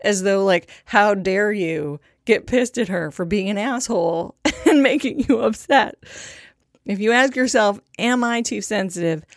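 A woman's voice: medium pitch, unhurried, no echo, studio quality. A young woman hosting a podcast in a casual monologue, candid and profane, with a self-deprecating streak. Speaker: podcast host.

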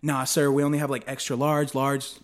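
A man's voice: medium pitch, completely flat delivery, fairly quick. A young man casually telling stories in a podcast chat, laid-back, swearing and laughing often.

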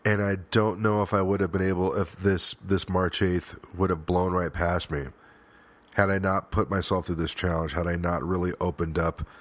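A man hosting a podcast, talking earnestly in a personal, reflective monologue, with an emotional, halting delivery that often restarts. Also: low-pitched, a bit bright, no echo. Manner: frequent restarts and fillers, swears at times. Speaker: podcast host.

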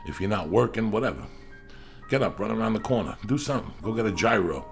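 A middle-aged man with a very low, gravelly voice spins a rambling, swear-heavy story in casual podcast chat. He slips into loud bursts when he acts out what people said. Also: animated, quick pace, faint music behind. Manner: profane, rambling, bursts into yelling when acting out quotes. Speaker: podcast host.

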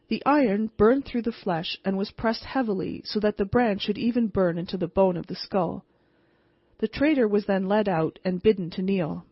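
Husky-voiced woman reading a ghost story. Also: mid-range voice, dry recording. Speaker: audiobook reader. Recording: slightly muffled, dry recording.

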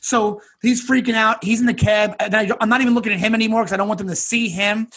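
A man telling a story in casual chat, animated, acting out what people shouted and laughing often. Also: high voice, fast talker.

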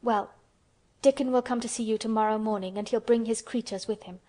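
Woman reading a blunt earnest girl; pitch up, plain and solemn. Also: fairly even intonation, fairly quick, dark tone, lightly acted. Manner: frank and earnest. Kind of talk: storybook character voice.

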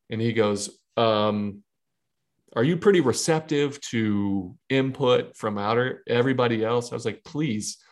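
A podcast co-host and former baseball pitcher tells a lively baseball story in a casual chat, acting out the dialogue and laughing as he goes. His voice is medium in pitch.

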